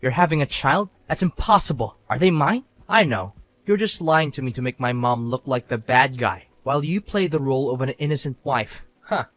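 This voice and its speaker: A man's voice: medium pitch, expressive, normal speed, a bit bright, no echo, lightly acted. An actor playing a scornful young husband who defends his mother, talking in a mocking, contemptuous way. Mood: angry. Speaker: husband in an animated story.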